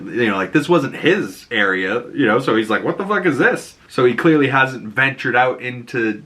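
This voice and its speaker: A man with a Boston accent talks through a TV episode in a loose, rambling way. His voice is bright and sharp, and his asides are crude and enthusiastic. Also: mid-range voice. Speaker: show reaction host. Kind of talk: casual episode breakdown.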